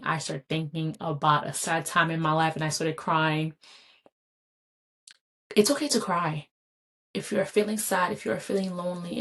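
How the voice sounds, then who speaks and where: A woman's voice: deep voice, a bit bright. A woman hosting a solo podcast, talking earnestly and encouragingly, often repeating phrases for emphasis. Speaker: podcast host. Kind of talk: solo motivational podcast talk.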